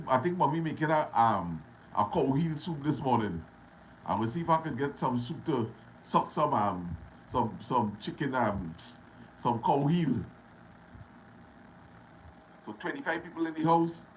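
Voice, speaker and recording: A man's voice: a little high, slight background noise, rough recording. Trinidadian man greeting viewers live. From Trinidad and Tobago. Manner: greets viewers by name, loud and friendly. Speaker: livestream host. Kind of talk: casual live-stream chat greeting viewers.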